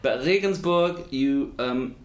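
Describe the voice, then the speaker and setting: A man's voice: medium pitch, slow. A man, interviewing a guest in an enthusiastic, chatty way that wanders into anecdotes. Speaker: interviewer, podcast host. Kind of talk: conversational interview. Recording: roomy echo with faint noise.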